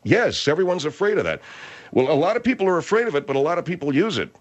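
Male talk radio host, riffing and exaggerating, pitch swings a lot. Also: quick pace, dull audio. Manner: animated, riffing, comic exaggeration.

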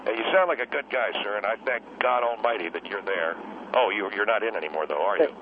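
A man voicing a gruff older husband who is a guest on a talk radio show. He grumbles and rambles in a suspicious way. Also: on the low side, fast talker, dull audio, background noise, pitched below the performer's own voice, natural voice. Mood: grumbling.

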